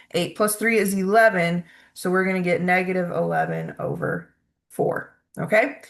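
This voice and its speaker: Gravelly-voiced woman teaching math. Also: medium pitch, fairly bright tone. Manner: patient step-by-step explaining, frequent "okay?" checks. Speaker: math instructor. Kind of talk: recorded math lecture.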